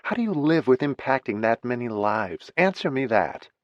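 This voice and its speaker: A man's voice: mid-range voice, very animated, normal speed, no room sound, highs cut off, pitched above the performer's own voice, natural voice. A male narrator voicing an outspoken grown daughter who speaks bitterly and bluntly. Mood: indignant.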